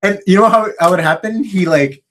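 A man co-hosting a podcast, chatting casually and retelling movie scenes with quick laughs. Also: high-pitched. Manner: animated storytelling, quick laughs. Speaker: podcast co-host. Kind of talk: casual chat.

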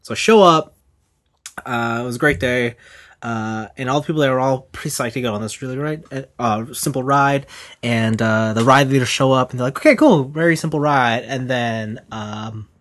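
A man co-hosting a casual podcast, telling a story with lively swings and freely swearing. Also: medium pitch, normal speed. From Canada. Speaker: podcast co-host. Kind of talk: casual chat.

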